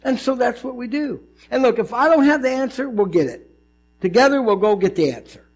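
A male pastor giving a conversational, animated sermon, often acting out voices in his stories. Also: very high-pitched, fairly quick.

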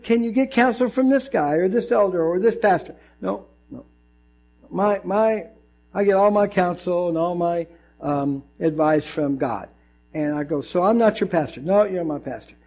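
A male pastor giving a conversational, animated sermon, often acting out voices in his stories. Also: high voice, moderate pace.

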